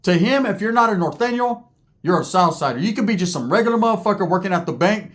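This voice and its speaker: Animated, swooping man telling profane stories. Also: high-pitched, fast talker. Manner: animated, slangy, cursing, asks the listener for agreement. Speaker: vlogger. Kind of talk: profane comic storytelling.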